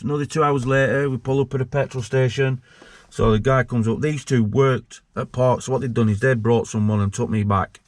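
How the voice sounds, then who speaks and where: A blunt, sweary man tells a story in a casual interview. He acts out every line of dialogue in it, at a mid pitch. The recording is dry and close. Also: dry recording. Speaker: interview guest, former prisoner.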